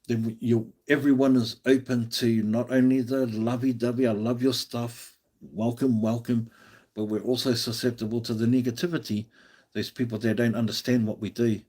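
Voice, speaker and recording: A man's voice: mid-range voice, steady tone, brisk, darkish tone. An Australian man hosting a live stream, chatting casually and encouragingly, often restarting his sentences.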